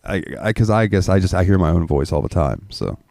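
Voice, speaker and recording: A man co-hosting a podcast, with a smooth voice and a laid-back way of talking that is often broken by laughter. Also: animated, a little fast, a little mellow, no room sound. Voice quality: smooth, deep voice. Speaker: podcast co-host. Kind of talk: casual chat.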